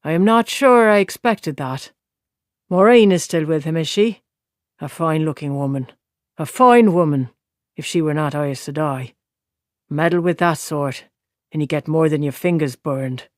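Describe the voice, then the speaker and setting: A man voicing a weary, drunk old gleeman in an audiobook, low and murmuring. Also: moderate pace, no room sound, clean studio sound, close to an everyday voice. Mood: wry. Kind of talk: audiobook character voice.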